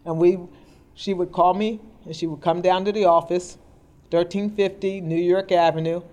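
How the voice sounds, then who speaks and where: A middle-aged woman, a guest in an indoor interview, tells her life story earnestly and plainly. Her voice is lowish and darkish, with fairly even intonation at a moderate pace, picked up on a podcast mic.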